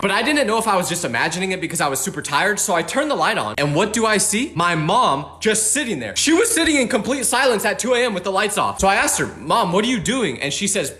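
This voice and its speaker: A young adult man from California telling comic stories in an animated, exaggerated way. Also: high voice, roomy sound. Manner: animated, exaggerated and quick-talking. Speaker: comedy creator. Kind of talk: comedic storytelling monologue.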